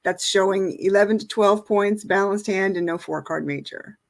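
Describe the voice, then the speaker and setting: A woman's voice: medium pitch, normal speed, vocal fry. A middle-aged woman teaching an online lesson, explaining in a casual way with many fillers. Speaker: bridge teacher.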